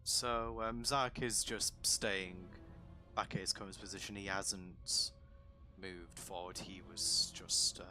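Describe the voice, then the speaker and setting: A man narrating as dungeon master for a tabletop game, in a relaxed, rambling way with many fillers. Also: sits low, slow, soft background music.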